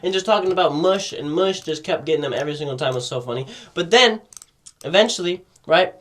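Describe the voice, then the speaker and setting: High-voiced young man telling stories. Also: fast talker, fairly bright tone. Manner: rambling, profane, acts out quotes, laughs often. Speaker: podcast co-host. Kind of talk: casual storytelling chat.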